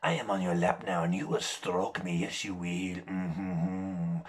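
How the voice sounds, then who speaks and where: A man voicing a ruthless little female dog, purring and commanding in a low hush. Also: steady tone, unhurried. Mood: purring seductive. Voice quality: hushed, low murmur.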